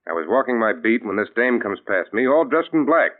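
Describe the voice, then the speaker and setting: A plain-spoken male beat cop played by an actor talks slowly and simply in a 1940s radio drama. The old broadcast sounds thin and tinny. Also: mid-range voice, sing-song, natural voice. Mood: puzzled.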